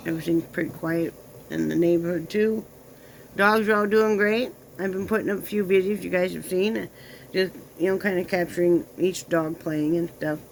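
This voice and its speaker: A woman vlogger with a gravelly, mid-pitched voice chats casually with her viewers at home, slipping into cooing baby talk for her little dog. Faint room noise sits behind her on a low-quality recording.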